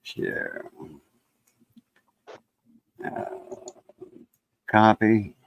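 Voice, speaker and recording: A man's voice: lowish voice, sing-song, very slow, gravelly, no room sound, muffled recording. A man hosting a casual live stream, rambling loosely through stories and chat.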